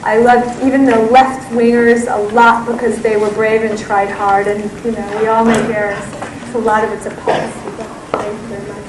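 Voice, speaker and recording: Animated woman author in echoey hall. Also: fairly high pitch, moderate pace, distant mic, background noise. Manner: enthusiastic, animated storytelling. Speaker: author giving a lecture. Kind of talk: public talk and Q and A. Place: lecture room.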